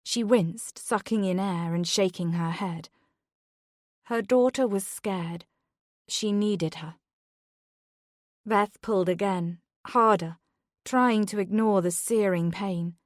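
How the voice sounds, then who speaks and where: Narrator: woman, unhurried and tense, medium pitch, dry close-miked read. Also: no room sound. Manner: slow, measured, tense. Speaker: audiobook narrator. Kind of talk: scripted thriller narration.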